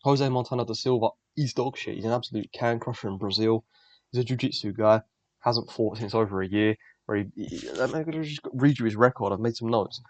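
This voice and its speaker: A man's voice: fairly low pitch, a little fast, dry recording. A young man, the host, giving blunt, profane, rambling fight predictions in casual solo commentary. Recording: dull lo-fi dry recording.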